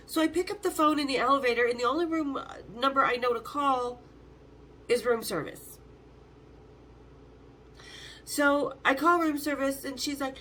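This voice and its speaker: A woman in her fifties, the host, telling stories in a casual, animated way, swearing freely and acting out the voices of the people in them. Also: sits high, normal speed, long pauses, slight background noise. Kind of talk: casual storytelling.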